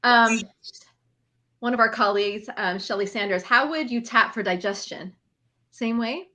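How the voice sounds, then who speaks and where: Chatty, eager higher-voiced woman host. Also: moderate pace, pushed and bright. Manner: chatty, eager, lots of "okay" interjections. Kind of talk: casual live-stream chat.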